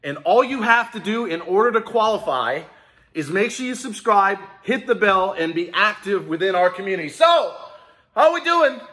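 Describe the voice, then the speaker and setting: A man with a high-pitched, expressive voice speaks at a moderate pace with a sharp tone. Hosting a small business vlog, he addresses viewers directly in a hyped, rallying way that turns emotional in this casual clip.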